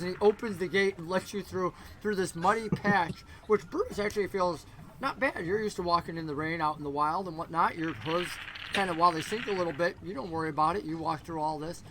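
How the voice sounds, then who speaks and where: Bright, high-voiced male game master. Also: a little fast, a little hiss or hum, rough recording. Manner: rambling, animated narration. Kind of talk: narrating a tabletop game.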